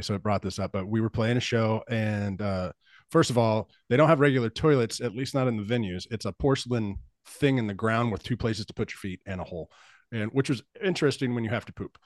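A male podcast host who tells loose, rambling stories and swears freely, at a middling pitch. His voice is dry and close to the mic. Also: quick pace, no room sound. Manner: rambling storyteller, swears freely, laughs often. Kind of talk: casual podcast chat.

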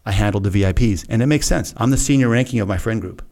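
A middle-aged man with a somewhat low voice tells a personal story as a podcast guest. He talks casually and frankly, with an earnest tone. He slips into quoting what he said back then. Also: quick pace, a little mellow. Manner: earnest, frank, acts out his own past remarks. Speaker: podcast guest, retired Navy SEAL.

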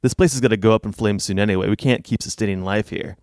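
Grandiose rock-star villain, calm and smug, a touch lower, as a man puts him on; dry close sound. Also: quick pace, dry recording, lightly acted.

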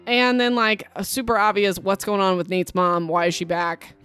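A woman's voice: mid-range voice, little pitch movement, normal speed, fairly bright tone, clean tone, soft background music. A young woman hosting a book podcast at home, chatting casually and rambling in a self-deprecating way. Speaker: podcast host.

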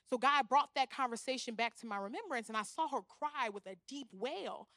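A young woman preaching a sermon, animated, often acting out the voices she quotes. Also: high voice, brisk, few pauses, no room sound. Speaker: guest speaker.

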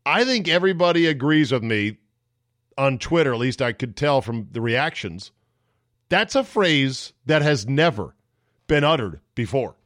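A man's voice: mid-range voice, animated, unhurried, a bit bright, dry recording, clean studio sound. A man hosting his own sports podcast, talking solo in wry, exasperated rants and mimicking other people's voices. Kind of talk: solo sports talk monologue.

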